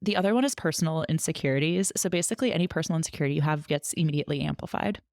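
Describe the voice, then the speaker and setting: A woman's voice: sits low, very fast, a little mellow, no room sound, clean studio sound. A woman co-hosting a podcast in casual chat, chatty with many fillers and frequent laughs. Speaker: podcast co-host.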